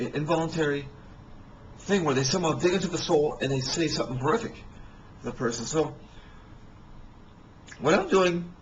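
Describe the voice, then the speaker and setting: A man telling rambling personal stories in a halting way, with many restarts and fillers. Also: on the high side, slight background noise, poor audio.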